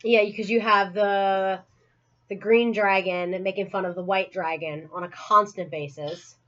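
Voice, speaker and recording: A woman's voice: mid-range voice, steady tone, a little slow, fairly bright tone. Giggly woman telling a joke, muffled audio. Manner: giggly storyteller, laughs often. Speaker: podcast co-host. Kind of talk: casual chat.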